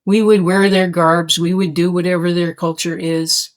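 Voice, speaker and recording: A woman's voice: on the low side, flat delivery, normal speed. A woman from Canada, hosting a small podcast and delivering an urgent, emphatic monologue that pleads directly with her listeners. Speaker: podcast host. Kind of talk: impassioned monologue.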